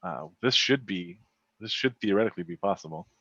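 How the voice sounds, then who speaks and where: A man plays a character in a tabletop role-playing game, chatting casually and restarting his sentences. His voice sits low. The recording is dull and dry. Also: expressive, a little fast, pushed and bright, breathy edge, dry recording. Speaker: player.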